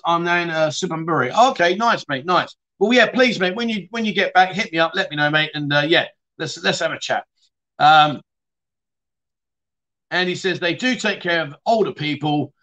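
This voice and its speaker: A middle-aged man from the UK hosts a relaxed livestream, working through viewer comments one after another. He talks in a chatty, blunt way, swears casually and keeps calling people mate. His voice is bright and sits slightly high for a man. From United Kingdom. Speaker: livestream host.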